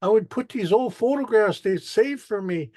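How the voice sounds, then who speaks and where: A man's voice: high voice, animated, normal speed, a little mellow, dry recording. An older man giving a casual artist talk, telling stories, repeating words and joking with the audience.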